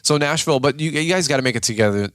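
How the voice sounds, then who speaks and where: A tired man co-hosts a casual podcast and talks quickly. He rambles with plenty of fillers and restarts. The sound is close and dry, with no room sound. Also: fairly high pitch, fairly bright tone, no room sound. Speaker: podcast co-host, lawn care business owner.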